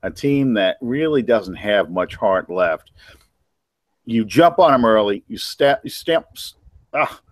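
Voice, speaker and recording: A man co-hosting a sports podcast, talking casually in a relaxed radio DJ manner. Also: on the low side, a little slow, dry recording. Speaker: podcast co-host.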